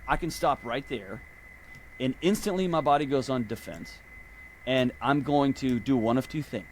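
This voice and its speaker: A man, a podcast guest, talking in a casual conversation and telling animated stories. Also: medium pitch, normal speed, slight background noise. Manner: animated storyteller.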